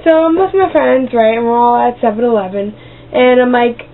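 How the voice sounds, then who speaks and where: A woman's voice: on the high side, a little fast. A woman telling rambling, silly stories as a vlogger, bouncing between tangents and throwing in sound effects and goofy voices. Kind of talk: rambling comic storytelling. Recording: tinny lo-fi webcam audio with faint hiss.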